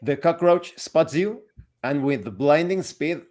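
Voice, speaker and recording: A man running a tabletop game as game master, narrating scenes in a steady, descriptive flow. His voice sits somewhat high for a man. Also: slow.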